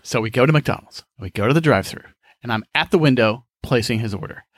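A man's voice: medium pitch, fast, no room sound. A man hosting a podcast, telling rambling personal stories with a profane, exasperated, laughing manner. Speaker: podcast host.

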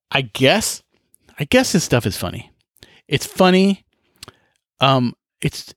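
A man's voice: medium pitch, a bit bright, no room sound, clean studio sound. Exasperated, profane man in his fifties. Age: 50s. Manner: exasperated, profane storytelling with frequent laughs and sighs. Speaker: podcast host. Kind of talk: casual solo podcast monologue.

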